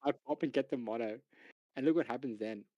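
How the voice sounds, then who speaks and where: A man recounting a game to friends in an eager, tumbling way, checking in with "ready?" and "right?" between beats. His voice is mid-pitched and sounds dry and close, with no room around it. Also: a little fast, no room sound, lo-fi sound. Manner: excited, repeats "ready?" and "right?", laughs while telling. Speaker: streamer. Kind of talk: casual voice chat storytelling.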